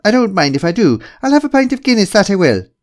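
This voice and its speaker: Bjorn is a booming, high and jolly fake Irishman , put on by a male narrator, laying the stage-Irish charm on thick. He sounds much higher and louder than the reader's own voice. Every line is brash and over the top. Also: moderate pace, vocal fry, no echo, natural voice. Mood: hearty. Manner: loud, jolly, overdone stage-Irish phrasing. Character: Swedish man faking hearty Irish charm.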